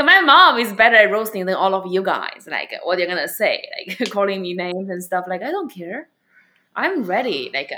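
A woman stand-up comedian and club owner with a non-native accent, answering interview questions bluntly and with animated storytelling. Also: medium pitch. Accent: non-native English accent.

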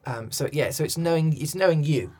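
A man's voice: on the high side, a little fast, a little mellow. Thoughtful man explaining work. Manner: thoughtful, rambling with restarts. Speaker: accent coach and director. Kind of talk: interview conversation.

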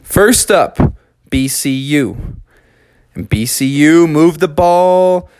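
A man's voice: fairly high pitch, extremely slow, darkish tone, clear, resonant tone, dry recording. A man telling a made-up story to children in a loose, chatty way, with slang and fillers.

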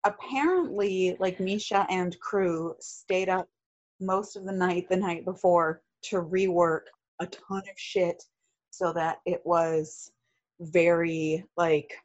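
A woman's voice: fairly low pitch, steady tone, slow pace, highs cut off. A woman in casual conversation, telling stories with filler likes. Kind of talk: casual chat.

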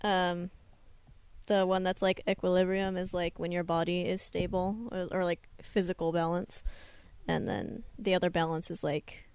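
A woman's voice: fairly low pitch, level tone, normal speed, a little mellow, clean tone, dry recording. Giggly young woman on a dry mic. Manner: giggly, hesitant, many fillers. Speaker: podcast co-host. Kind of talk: casual chat.

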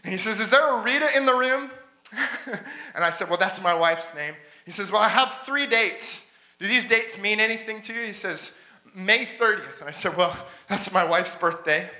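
A man preaching a sermon as a guest speaker, telling a story with excitement, frequent restarts and laughter. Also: high voice, moderate pace, echoey room. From Canada. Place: church sanctuary.

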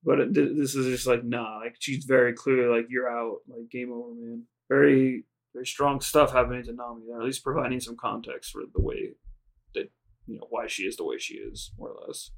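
A man's voice: mid-range voice, brisk, gravelly. Rambling casual male podcast host. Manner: rambling, heavy use of "like", retells scenes in quoted voices. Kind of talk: casual recap chat.

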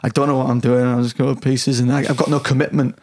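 A man's voice: medium pitch, little pitch movement, fast, darkish tone. A man in casual conversation, candid and self-deprecating, swearing freely and restarting his sentences often. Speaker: podcast guest. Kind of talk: casual chat.

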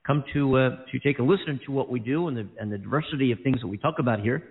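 A man from California co-hosting a casual talk show, rambling and excitable. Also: mid-range voice, fast. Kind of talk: casual chat. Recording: tinny phone-like line.

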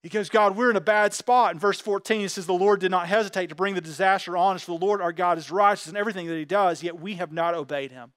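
A high-pitched man delivers a fervent sermon, putting scripture into plain everyday talk. His voice comes across close and dry, with no room sound around it. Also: fast, hardly any pauses, a bit bright, no room sound. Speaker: pastor.

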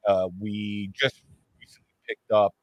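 An upbeat man co-hosting a live fan podcast, his pitch sitting a little low. He chats casually and greets viewers by name. The sound is dry and close, with no room echo. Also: little pitch movement, unhurried. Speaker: podcast co-host. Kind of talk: casual live-stream chat. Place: home studio with green screen.

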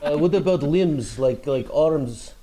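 A man's voice: fairly high pitch, warm tone, slight background noise, close to an everyday voice. A man putting on a fake-Russian prank caller. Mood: deadpan. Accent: put-on Russian, drifting toward a Dracula voice. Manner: halting, stammering, feigned naive. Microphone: phone call.

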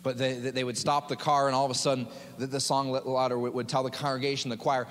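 A man's voice: mid-range voice, little pitch movement, fast, hardly any pauses. A man preaching a sermon as pastor, in an impassioned, dramatic way with repeated phrases. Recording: long hall reverb.

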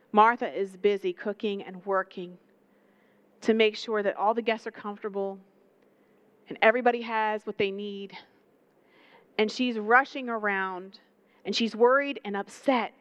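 A young woman preaching a lively, conversational sermon, full of rhetorical questions and asides to the congregation. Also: medium pitch, measured pace, long pauses, clean tone, no echo.

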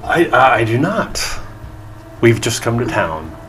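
A man's voice: medium pitch, big pitch swings, a little slow, fairly bright tone, a little hiss or hum. A man voicing a flamboyant male gnome bard who is effusive, apologetic and full of flowery courtesy.

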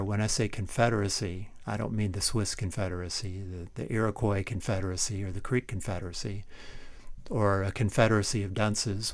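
A man with a low, gravelly voice narrates a history podcast from a script. He stays wry and keeps posing rhetorical questions to the listener. The sound is close and dry, with no room around it. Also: no echo. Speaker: podcast host.

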